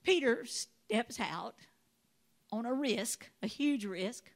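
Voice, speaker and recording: A woman with a high, bright-sounding voice preaches a sermon. She tells Bible stories with animated storytelling and slips into the voices of the characters as she goes. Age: adult. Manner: animated storytelling, acts out voices of biblical figures.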